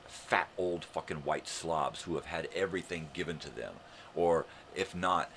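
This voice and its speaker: Slight background noise accompanies a very deep but fairly bright voice: an older man from the United States hosting a live morning show. He rants profanely, swearing heavily in a sarcastic, mocking tone.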